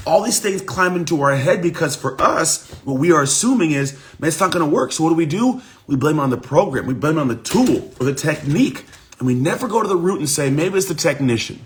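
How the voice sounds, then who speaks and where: A man coach giving an energetic motivational talk on a livestream, his voice rough from the morning. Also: fairly high pitch, slight background noise. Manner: energetic, repetitive, talks straight to viewers. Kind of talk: live-streamed motivational talk.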